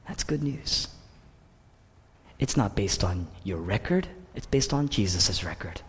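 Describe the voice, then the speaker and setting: A male pastor delivers an impassioned sermon in a slightly husky voice. His pitch swings widely, climbing into loud cries and sinking to hushed whispers. The sound carries the long reverb of a large hall. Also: big pitch swings, unhurried.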